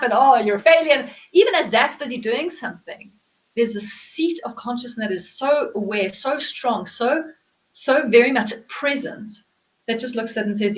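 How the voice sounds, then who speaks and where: Earnest woman coach, lo-fi audio. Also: a little high. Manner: earnest, explanatory, repeats phrases for emphasis. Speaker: host and life coach. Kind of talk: reflective interview talk.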